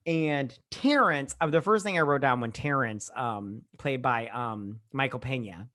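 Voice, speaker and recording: A woman co-hosting a casual, drunk movie-review podcast, retelling scenes in a profane, animated way with acted-out asides. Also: rumbling low, measured pace. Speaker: podcast co-host.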